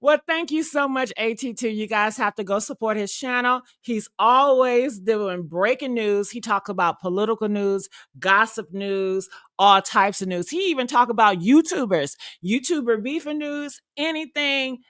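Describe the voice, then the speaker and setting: A woman hosting a casual gossip stream, telling stories in a sassy, animated way. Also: on the high side, moderate pace, few pauses, dry recording. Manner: sassy, animated storytelling with acted-out quotes. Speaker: show host.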